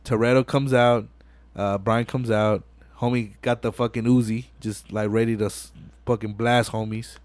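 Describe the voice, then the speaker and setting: A man's voice: medium pitch, little pitch movement, normal speed, a little mellow, dry recording. A young man hosting a podcast, retelling a film scene by scene in a slangy, profane, casual way with lots of filler phrases. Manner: slangy and profane, keeps saying "you know what I'm saying". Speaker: podcast host. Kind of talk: casual movie recap chat.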